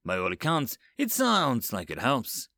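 A man's voice: mid-range voice, wildly swooping pitch, unhurried, pushed and bright, no room sound, clean studio sound, heavily acted. A man voicing a grumbling robot overseer. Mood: disapproving. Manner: exasperated, disapproving.

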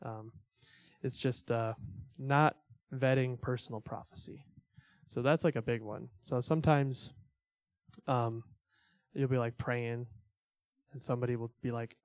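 At a normal speed and middle pitch, a young man who teaches at church talks loosely and conversationally, leaning on fillers and laughing at himself now and then. The sound is dry and close, with no surrounding room.

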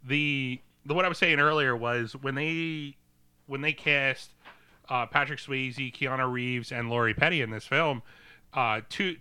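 Brief: male podcast co-host, very bright and crisp tone, dry close mic, loose rambling delivery. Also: mid-range voice, no echo. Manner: rambling, many fillers and restarts. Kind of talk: casual movie chat.

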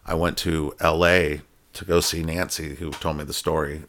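Deep-voiced man telling a rambling story. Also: level tone, normal speed, a bit bright. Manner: rambling, full of fillers and restarts. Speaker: guest telling his story. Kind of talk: casual storytelling.

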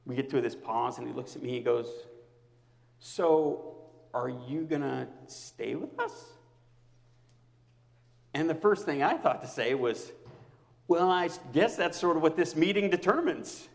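A man preaching a personal sermon to his congregation as their pastor, swinging between loud outbursts and near-whispers. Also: mid-range voice, expressive, unhurried, vocal fry, pauses often, long reverb tail.

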